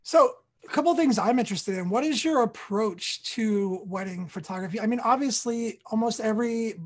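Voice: medium pitch, brisk. Chatty host asking questions on a video call. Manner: chatty, conversational, builds on the guest's answers. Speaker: host of a weekly live Q&A show. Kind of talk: casual interview questions.

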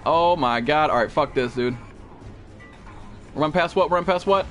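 While streaming a survival game, a man chats with a teammate, swearing nonstop and yelping in alarm at monsters. Despite his excitable manner, he speaks unhurriedly with long pauses in a fairly high voice. Faint background music plays.

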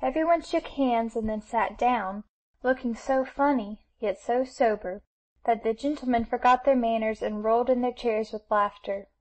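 A woman reads an audiobook of a classic novel in steady, even storytelling. Her voice sits slightly high. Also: unhurried, low-quality recording. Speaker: audiobook narrator. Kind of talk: scripted narration of a classic novel.

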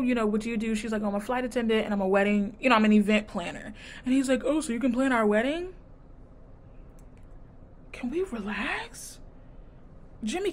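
A woman vlogger casually recapping a dating show, sassy and animated, acting out quotes in her retelling. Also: fairly high pitch. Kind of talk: casual chat.

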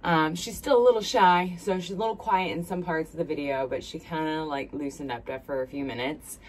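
In her thirties and from South Carolina, this beauty vlogger chats to her viewers with a thick Southern accent, rambling and friendly as she does her makeup for a casual get-ready-with-me video. Her low voice runs a little fast, and the smartphone recording carries a slight hiss or hum.

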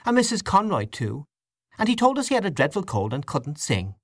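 Narrator doing a quick-talking higher young woman, eager, audiobook. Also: huge pitch swings, dry recording, studio quality, full character voice. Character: chattering young woman party guest.

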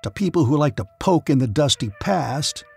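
A man's voice: medium pitch, fairly quick, a little mellow, soft background music, lightly acted. A man voicing a heated young starship man. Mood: scornful. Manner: heated, protesting. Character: angry young male starship-line man.

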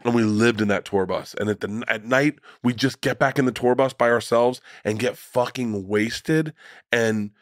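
A man's voice: mid-range voice, steady tone, normal speed, no echo, studio quality. A middle-aged man, a guest comedian, telling rambling, profane anecdotes in casual conversation.

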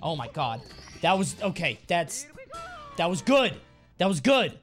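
A man's voice: on the high side, sing-song, unhurried, a bit bright, soft background music. A man streaming a game live, talking in a playful, sweary, jokey way. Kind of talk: live gameplay commentary.

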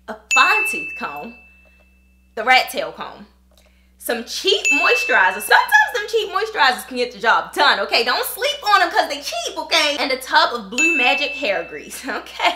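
A chatty woman vlogger with a high, lively voice that swoops all over, reading out a viewer's email and talking right to her audience. Her tone is bright and sharp, and the room has an echo. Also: slight background noise. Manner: chatty and animated, talks straight to viewers. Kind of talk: casual chat reading an email aloud.

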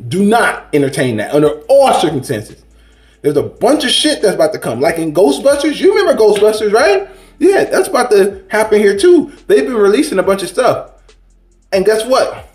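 A man's voice: high-pitched, sing-song, normal speed, roomy sound, faint music behind. A man giving a rambling, preachy spiritual monologue in a casual vlog, full of slang and restarts. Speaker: spiritual vlogger.

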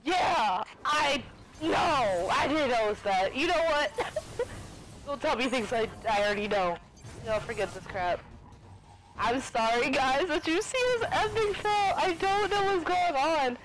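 Young woman gamer narrating her play, high voice that swoops all over, excitable and giggly, kinda slow-paced. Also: noisy background. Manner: excitable, laughing, frequent exclamations. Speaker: gaming video creator. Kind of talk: live gameplay commentary.

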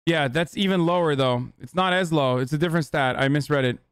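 A male streamer reacting live in casual, sarcastic banter, full of swearing. His voice sits high for a man and sounds smooth and resonant. The sound is dry and close on the mic. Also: no echo. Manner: profane, sarcastic, rapid-fire.

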